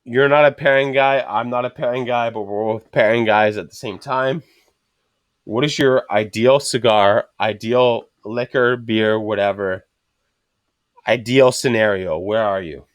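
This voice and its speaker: A man hosting a casual podcast chat, talking bluntly and with lots of swearing as he tells animated stories about his trade. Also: mid-range voice, unhurried, no echo. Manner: blunt and profane, animated storytelling. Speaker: podcast host and rebar worker.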